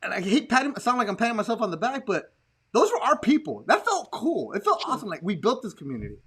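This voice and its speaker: A man hosting a casual podcast chat, telling stories in an animated way and acting out the people he quotes. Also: high voice, fast, slightly rough. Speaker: podcast host.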